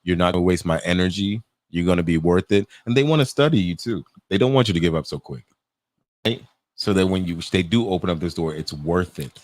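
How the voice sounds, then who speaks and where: Animated low-voiced podcast host man. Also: a little fast, no room sound. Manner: animated storytelling, acts out quotes with laughs. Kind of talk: casual chat.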